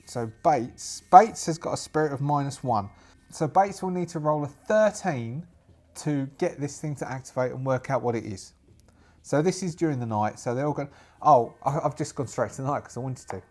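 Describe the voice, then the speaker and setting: A man's voice: mid-range voice, moderate pace, a little mellow. A man narrating a solo tabletop game in a rambling, self-amused way, restarting often.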